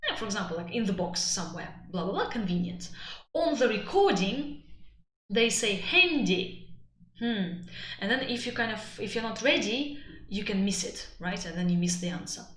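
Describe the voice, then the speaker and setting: A woman's voice: mid-range voice, reverberant. A woman teaching an exam-prep lesson in a casual live-stream style, chatty and playful with many fillers and asides. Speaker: IELTS teacher.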